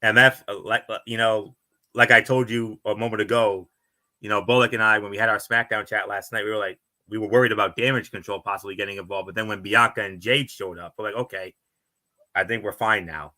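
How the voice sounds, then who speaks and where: A man's voice: lowish voice, steady tone, a little fast, pushed and bright. A man co-hosting a wrestling recap podcast, talking loosely with lots of fillers and trailing sentences. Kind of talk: casual recap chat.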